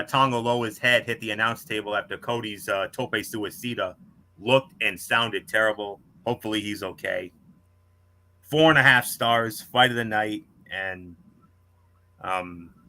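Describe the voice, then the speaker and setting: A man co-hosting a wrestling podcast, reading out a scripted match review with star ratings in a measured way. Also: on the low side, sharp tone.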